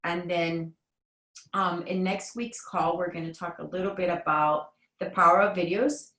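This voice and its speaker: A woman parenting coach on a call, explaining tasks step by step in a calm, encouraging way. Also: lowish voice, moderate pace, echoey room, poor audio. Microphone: video or phone call.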